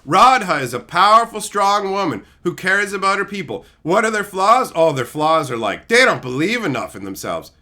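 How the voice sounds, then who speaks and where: A man's voice: high-pitched, sing-song, moderate pace, hardly any pauses, bright, forceful tone. A man streaming, giving a heated, profane rant full of insults. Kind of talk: ranting stream commentary.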